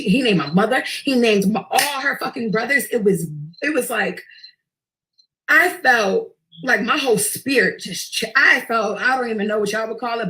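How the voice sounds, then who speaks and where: A woman, telling a personal story in a profane, intense and animated way. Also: a little high, gravelly. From Queens, New York. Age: early 20s.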